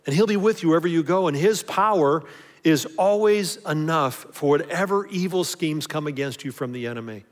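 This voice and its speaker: A man preaching a sermon, building up emphasis and then dropping softly into prayer. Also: a little high, brisk, long reverb tail. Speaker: pastor.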